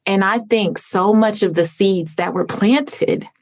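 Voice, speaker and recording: A woman's voice: medium pitch, slow pace, a little mellow, slight background noise. A woman hosting a podcast interview over a video call, talking in an effusive, heartfelt way with lots of "like.". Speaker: podcast host. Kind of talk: conversational interview.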